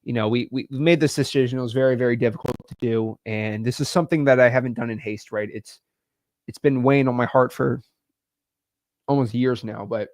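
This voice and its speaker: A young man hosting a live stream, talking emotionally and haltingly, repeating words and sighing. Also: medium pitch, dry recording, studio quality. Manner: halting, repeats words, sighs, swings between loud and quiet.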